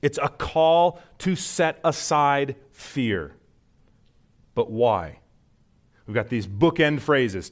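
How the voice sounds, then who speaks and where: A man's voice: mid-range voice, expressive, slow, pauses often. A man preaching a sermon in an earnest teaching manner, rising sharply on emphatic points. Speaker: pastor.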